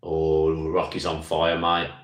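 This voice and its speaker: Deep-voiced Birmingham man hosting a quiz. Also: monotone, takes it slowly, roomy sound. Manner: reads each question twice, chatty with frequent "mate". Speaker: football phone-in co-host. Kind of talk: casual live-stream chat, reading quiz questions.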